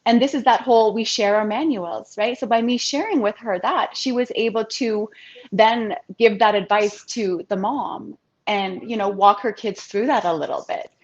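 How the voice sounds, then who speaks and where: A woman's voice: medium pitch, normal speed. Heartfelt, chatty woman in her thirties. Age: 30s. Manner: heartfelt, chatty, quotes others in lively voices. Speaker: interview guest, financial advisor. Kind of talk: casual interview storytelling. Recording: dull lo-fi sound.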